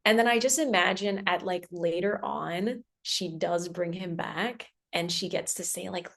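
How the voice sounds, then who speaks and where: A young woman actor answering interview questions, speaking emotionally, pausing and sighing as she talks. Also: fairly low pitch. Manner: emotional, halting, breathy sighs.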